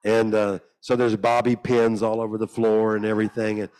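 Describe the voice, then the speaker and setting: A man preaching in a church hall with a slightly low voice. He tells his stories with humour and mimics the people in them. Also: monotone, normal speed, darkish tone, clean tone. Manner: humorous, acts out the people he quotes in higher voices. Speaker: guest preacher. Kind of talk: storytelling sermon.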